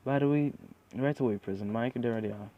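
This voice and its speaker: A man's voice: mid-range voice, a little fast, muffled recording, lightly acted. A man voicing a cheerful small animal school principal in an amateur spoken story.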